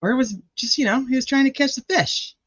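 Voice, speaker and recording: A woman's voice: sits high, a little fast, fairly bright tone, dry recording, highs cut off. A woman hosting a casual true crime livestream, joking, teasing and swearing as she reads viewer comments, laughing often.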